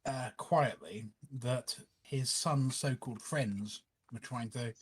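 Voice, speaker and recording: A man's voice: mid-range voice, slow pace, breathy edge. A man playing a tabletop game, laying out his plan hesitantly and trailing off. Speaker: player. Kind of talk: casual table talk.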